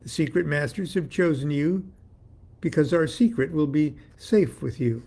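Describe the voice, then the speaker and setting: Smug mystic master, played by a man, cryptic and pompous, raspy, gravelly edge. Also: on the high side, moderate pace, mellow. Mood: brisk, smug. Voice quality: phony European accent at first, later plain. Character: mysterious male secret master, smug and teasing.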